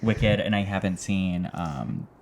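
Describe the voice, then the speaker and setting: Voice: low voice, slow, a little mellow. A podcast co-host in casual chat, rambling and searching for words with lots of fillers.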